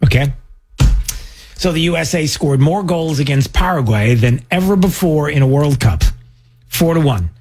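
A man from New York hosting a radio talk show, chatting casually and teasing his co-host in a playful, animated way. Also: on the high side, normal speed, faint music behind.

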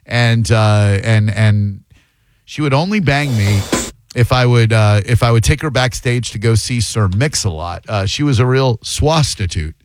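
A man hosting a call-in radio show, joking and teasing the callers in quick casual banter. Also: medium pitch, a little hiss or hum. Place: radio studio.

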